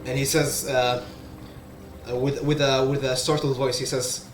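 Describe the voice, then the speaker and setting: Game master with a roomy echo. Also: male voice, mid-range voice, flat delivery, measured pace, music in the background. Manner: hesitant, many fillers. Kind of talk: narrating a tabletop game. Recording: echoey room sound.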